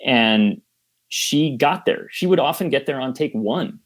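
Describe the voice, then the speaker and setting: Thoughtful, mid-pitched film director. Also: male voice, animated. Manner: thoughtful, measured, restarts phrases. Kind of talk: casual interview chat.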